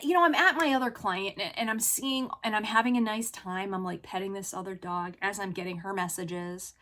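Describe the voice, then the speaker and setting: A woman in her thirties vlogs to camera, recounting a frustrating story. She talks in an animated, exasperated way, scattering "you know" and "like" through her speech. Her voice sits at an ordinary middle pitch. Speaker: vlogger. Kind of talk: casual storytelling vlog.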